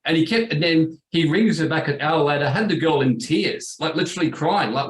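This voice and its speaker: Animated man telling a story. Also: fairly high pitch, brisk, hardly any pauses, echoey room, slight background noise, low-quality recording. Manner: animated storyteller acting out quotes. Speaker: business coach, former law firm owner. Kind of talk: casual storytelling interview.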